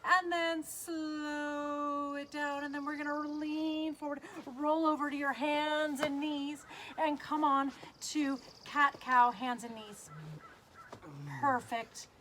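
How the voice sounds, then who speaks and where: A woman's voice: high voice, steady tone, slow pace, fairly bright tone, slight background noise. A woman leading a guided kids yoga class, cueing poses in an upbeat, playful way and making animal sounds.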